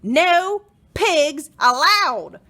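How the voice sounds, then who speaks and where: A woman voicing a stern, opinionated older sister in a children's storybook who scolds loudly and is sure she is never wrong. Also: mid-range voice, lively intonation, moderate pace. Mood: shouting. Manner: loud, scolding, sure of herself.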